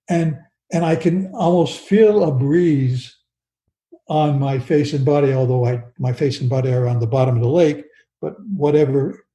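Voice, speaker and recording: An older man slowly and earnestly telling a personal story as an interview guest, often restarting his sentences. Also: on the high side, warm tone, reverberant, low-quality recording.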